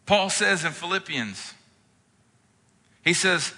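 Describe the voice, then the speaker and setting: A man delivers a sermon in a conversational, heartfelt way, slipping into casual asides between scripture readings. His voice is very bright, and it rings with the long reverb of a hall. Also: mid-range voice, lively intonation, moderate pace. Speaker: pastor.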